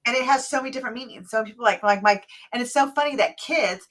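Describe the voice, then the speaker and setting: A middle-aged woman hosting a podcast, chatty and animated, acting out little quotes as she talks. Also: on the high side, fast talker, few pauses, slight background noise. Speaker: podcast host. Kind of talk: casual interview chat.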